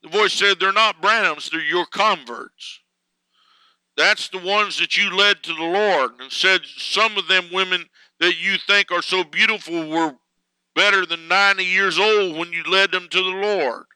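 Preacher guy, smooth clear voice, gets loud n slow on the big words. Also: sits high, dry recording, low-quality recording. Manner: fervent preaching, swells louder and slower on key words. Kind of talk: sermon.

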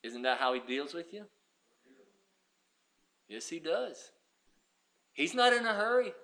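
A man preaching a sermon, swinging from loud emphatic lines to hushed, almost whispered ones. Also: fairly high pitch, sing-song, slow. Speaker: pastor.

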